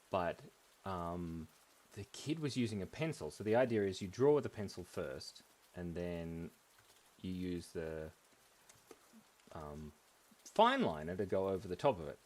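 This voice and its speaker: A man's voice: sits low, a little mellow, slight background noise. Playful man rambling while drawing. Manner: playful, giggly, wanders between silly voices and stories. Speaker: host of a live drawing stream. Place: room at home. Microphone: headphones on, desk mic.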